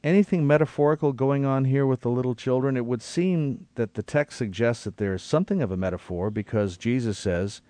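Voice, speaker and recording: Man, mid-pitched voice, Bible study reader and discussion host, dry close sound. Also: a little fast, few pauses, mellow, dry recording. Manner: reads scripture aloud, then reflects thoughtfully.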